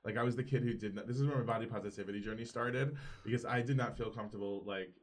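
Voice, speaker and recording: Animated man telling loose stories. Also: lowish voice, very fast. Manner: animated anecdotes, acts out quotes; loose, rambling with fillers. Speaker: podcast guest, actor. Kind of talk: casual storytelling chat.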